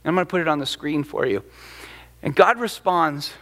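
A male pastor preaching a sermon, animated and emphatic as he retells the story. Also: fairly high pitch, a little fast. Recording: long hall reverb.

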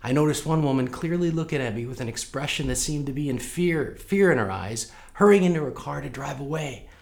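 A man's voice: a little high, lively intonation, fairly quick, darkish tone. A man from St. Louis preaching a sermon, telling a personal story and speaking earnestly and directly to the congregation. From United States, St. Louis. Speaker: pastor.

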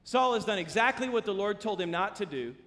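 A male pastor preaching a sermon in a church, telling stories in an animated way and acting out quotes. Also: sits high, brisk. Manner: animated storytelling, acts out quotes. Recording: long hall reverb.

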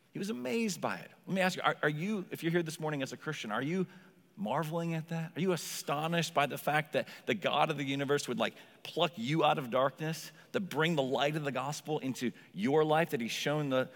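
A man's voice: on the high side, in a large hall. A male pastor preaching a sermon in a conversational way, with frequent asides to the congregation, in a church. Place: church sanctuary.

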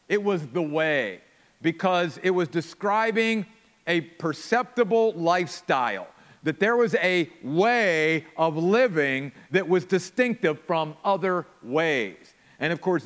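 A man's voice: high voice, a bit bright, in a large hall. A man preaching an earnest sermon, piling up repeated phrases for emphasis. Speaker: pastor.

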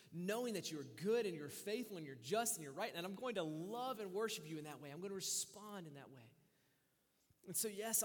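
A man with a high, light voice delivers a sermon to his congregation, his words trailing off in the long reverb of a big church hall. He preaches in an animated, storytelling way, dropping low and quiet, then rising to loud bursts. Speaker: pastor.

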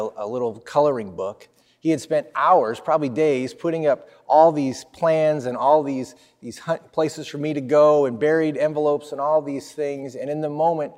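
A man in his fifties, a pastor, telling a personal story in a sermon with lively swings of energy. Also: medium pitch, in a large hall.

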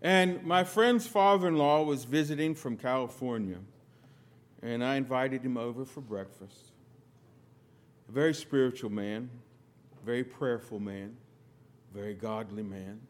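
A middle-aged man from the United States preaching a sermon, telling stories with sudden loud emphatic bursts and quiet asides. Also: mid-range voice, measured pace, long pauses. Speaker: pastor.

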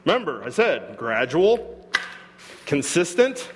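A man preaching a sermon to his congregation, animated and joking, acting out quoted voices as he goes. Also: fairly high pitch, slow, big-room sound, background noise. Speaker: pastor. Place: church hall.

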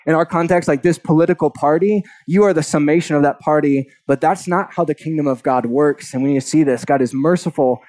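A pastor with a fairly high, slightly mellow male voice reads a long scripture passage aloud at a fairly quick pace, with hardly any pauses. Earnestly, he drops conversational asides between the verses of his sermon.

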